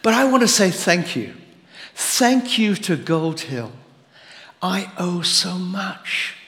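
A man's voice: high voice, sing-song, takes it slowly, bright, forceful tone. An older man, a former pastor, preaching a sermon with rambling asides and many fillers. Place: church sanctuary. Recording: long hall reverb.

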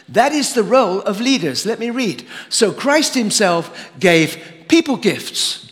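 High-voiced older man preaching in a reverberant hall. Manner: warm, rambling, with many asides and fillers. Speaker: guest preacher, former pastor. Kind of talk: sermon. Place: church sanctuary.

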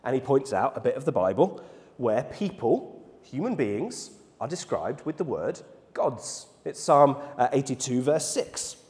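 A man's voice: medium pitch, sing-song, unhurried, darkish tone. Man preaching in a reverberant church. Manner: storytelling, many restarts and repeated words. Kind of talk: sermon with personal story. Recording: church hall with long reverb.

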